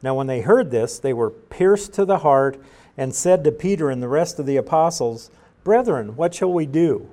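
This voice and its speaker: A middle-aged man giving a verse-by-verse Bible teaching in a measured, explanatory way, with frequent fillers and restarts. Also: on the high side, animated, warm tone.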